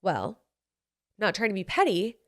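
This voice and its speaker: A woman's voice: medium pitch, very animated, measured pace. Blunt, sassy woman with a Utah accent. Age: 20s. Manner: blunt, sassy, swears freely. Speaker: podcast host. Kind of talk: casual advice chat.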